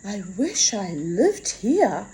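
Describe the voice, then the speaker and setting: A woman voicing Death as a gentle, earnest young girl with a low, sweet voice in a storybook reading. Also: very animated, slow, a little hiss or hum, poor audio.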